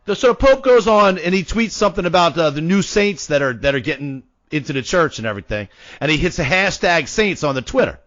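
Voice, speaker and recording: A man's voice: on the high side, expressive, brisk, fairly bright tone, no echo, lo-fi sound. Boastful joking man on a podcast. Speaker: podcast co-host. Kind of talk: casual sports betting chat.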